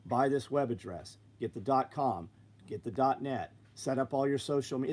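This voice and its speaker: A man's voice: mid-range voice, animated, moderate pace, a little mellow. A man running his own business, telling blunt, profane stories on a live stream and acting out both sides of conversations. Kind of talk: blunt casual storytelling.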